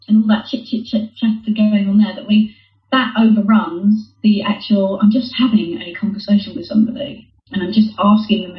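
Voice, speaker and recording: A woman explains communication in a calm, thoughtful voice, circling back to repeat her key points. She sounds like she is speaking into a remote call in an echoey room. The audio is dull and lo-fi, with faint music under it. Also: mid-range voice, a little fast. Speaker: guest, former hostage negotiator. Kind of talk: conversational interview.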